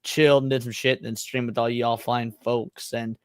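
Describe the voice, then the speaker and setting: A man's voice: mid-range voice, little pitch movement, moderate pace, clear, resonant tone, no room sound. A man joins a livestream as a guest and talks in a laid-back, slangy way, swearing casually as he goes. His voice sits in the middle of the range and sounds close and dry. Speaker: stream guest.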